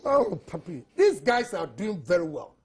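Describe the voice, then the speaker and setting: A Ghanaian man argues his case on a television panel discussion. His voice is high and husky, and he mixes Twi and English as he presses each point with emphasis. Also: big pitch swings, moderate pace.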